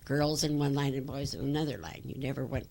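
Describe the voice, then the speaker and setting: A woman's voice: rumbling low, fairly even intonation, a little fast, gravelly, a little mellow, slight background noise. An older woman telling stories from her childhood in an oral history interview, rambling with fillers and restarts.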